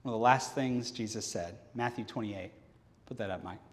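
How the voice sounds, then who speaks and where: Pastor preaching in a reverberant church hall. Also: male voice, on the low side, normal speed. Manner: animated storyteller who acts out the scripture dialogue. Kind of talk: sermon. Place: church sanctuary during a service. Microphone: handheld or headset microphone.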